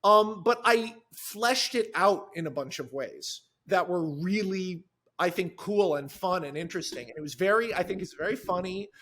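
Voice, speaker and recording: A screenwriter talking on a podcast, telling a story with lively enthusiasm and frequent restarts. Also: male voice, sits high, normal speed. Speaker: screenwriter guest. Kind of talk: podcast conversation.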